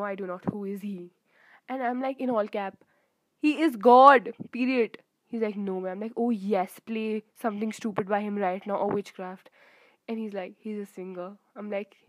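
A young woman telling a rambling, animated story to her viewers in casual chat, gushing with emphatic bursts. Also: mid-range voice, no echo, low-quality recording. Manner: rambling with fillers and self-corrections. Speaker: vlogger.

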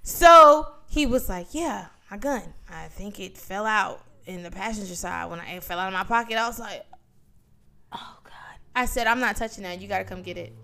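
A woman's voice: mid-range voice, moderate pace, creaky, bright, forceful tone. A woman co-hosting a podcast, telling a story in casual chat and acting out the dialogue with slang. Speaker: podcast co-host.

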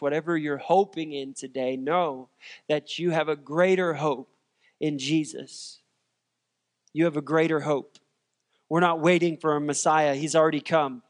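A man's voice: fairly high pitch, long reverb tail. A male pastor preaching a sermon in an earnest, emphatic way, with repeated refrains.

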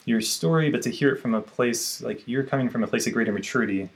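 A man's voice: medium pitch, fast talker. A man hosting a podcast, speaking reflectively and affirming his guest often. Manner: affirming, reflective, frequent fillers. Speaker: podcast host. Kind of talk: conversational interview.

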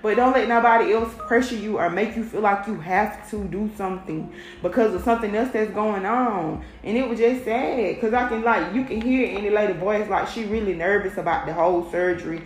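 A woman's voice: mid-range voice, brisk. Blunt, profane woman ranting in an echoey room. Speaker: vlogger. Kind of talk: casual monologue rant. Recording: roomy echo with faint music.

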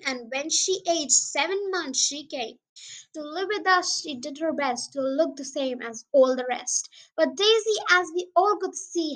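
A woman's voice: sits high, fairly bright tone, rough recording. A young girl hosting her own podcast, reading a children's poem aloud in an eager, sing-song way. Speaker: podcast host and reader.

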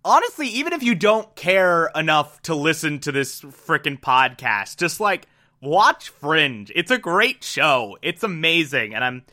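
A podcast host makes a casual solo announcement in a slightly high, bright, forceful voice. He rambles chattily, full of "uh" and "like," and slips into a mock southern drawl.

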